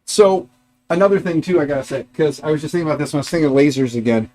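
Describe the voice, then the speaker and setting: A man's voice: on the high side, expressive, racing, dark tone. A middle-aged man hosting a casual livestream from his garage workshop, rambling chattily and talking to his dogs and viewers. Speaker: livestream host.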